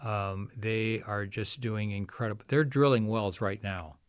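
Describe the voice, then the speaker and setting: A man's voice: lowish voice, steady tone, measured pace, clean tone, no echo. A middle-aged man telling a long story as a guest in a podcast interview, often quoting others. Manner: rambling anecdotal storytelling, quotes others. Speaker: guest, founder of a water nonprofit.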